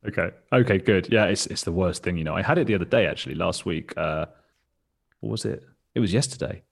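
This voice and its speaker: A man's voice: low voice, fast, gravelly, breathy edge, no room sound, studio quality. A man in his thirties, a podcast guest in casual chat, rambling and self-mocking, laughing often and swearing casually. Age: 30s.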